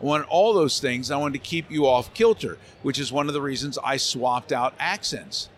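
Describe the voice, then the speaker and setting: A voice actor guest tells stories animatedly during an interview at a convention center, lively and slipping into character voices. He speaks at normal speed in a mid-range voice, with a little hiss or hum in the audio.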